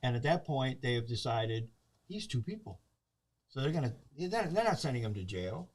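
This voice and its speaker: A man chatting casually as a movie reviewer, retelling a plot with lively acted-out quotes. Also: medium pitch, moderate pace. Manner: animated storyteller acting out characters' lines.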